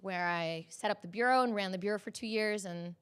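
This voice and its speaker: A journalist in her thirties tells a personal story on camera in a lively way, laughing often and acting out the people she quotes. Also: medium pitch, brisk, clear, resonant tone.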